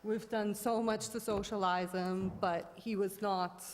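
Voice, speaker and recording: A woman's voice: mid-range voice, fairly even intonation, measured pace. Rambling woman in an echoey hall. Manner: rambling, many fillers and restarts. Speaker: dog owner at a public hearing. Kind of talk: informal testimony. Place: town board meeting room. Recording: long reverb of a meeting room.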